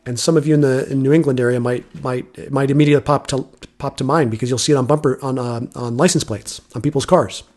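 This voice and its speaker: A man's voice: medium pitch, steady tone, quick pace, darkish tone. A man hosting a solo commentary podcast, arguing his point with rhetorical questions and frequent restarts. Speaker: podcast host.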